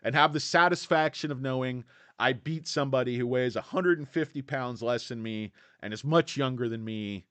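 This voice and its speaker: Excitable jokey male livestream host. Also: mid-range voice, moderate pace, dry recording. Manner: excitable, jokey, rambling with many fillers. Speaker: stock market livestream host. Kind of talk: casual livestream chat reading comments.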